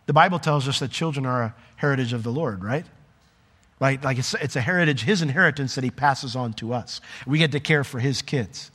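A man preaching a sermon in a conversational, animated way, with asides to the congregation. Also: medium pitch, brisk, breathy edge, long reverb tail. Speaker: pastor.

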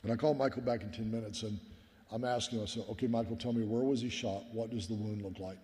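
A man's voice: fairly low pitch, fairly even intonation, fast talker, dark tone. A middle-aged man, a pastor, giving a sermon as an earnest personal story and often calling his listeners "guys.". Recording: long hall reverb.

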